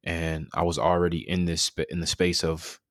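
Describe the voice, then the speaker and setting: His deep voice holds a level tone at a moderate pace in a dry recording. He's in his thirties, telling a personal story in an interview with earnest reflection, fillers and restarts, candid and conversational.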